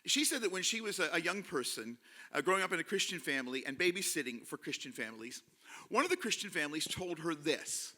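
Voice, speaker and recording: A man telling a story live to an audience in a hall, animated and leading them in call-and-response. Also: on the high side, fast talker.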